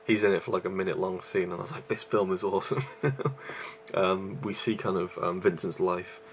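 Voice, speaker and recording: Breathless man with a low, gravelly voice. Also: little pitch movement, moderate pace, a little hiss or hum. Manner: rambling, with many fillers and restarts. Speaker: YouTube movie reviewer. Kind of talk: casual vlog review.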